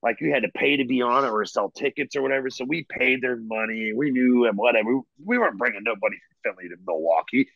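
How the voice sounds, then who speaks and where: Gravelly man telling profane stories. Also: mid-range voice, fast talker, hardly any pauses, no echo. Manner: profane, rambling anecdotes. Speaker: guest musician. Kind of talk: casual storytelling chat. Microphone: earbuds. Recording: dull lo-fi remote audio.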